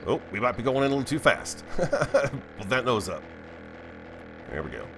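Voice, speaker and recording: A man's voice: medium pitch, big pitch swings, normal speed, vocal fry, background noise. A man hosting a gaming video, chatting to his viewers as he plays. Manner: chatty, talks to viewers while playing. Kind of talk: let's play commentary.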